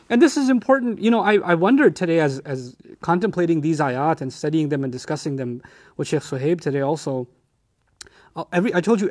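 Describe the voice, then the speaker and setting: A middle-aged man giving a lecture on scripture, animated, often acting out the voices of the people in the story. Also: high-pitched. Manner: animated, acts out quoted voices. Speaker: Quran teacher.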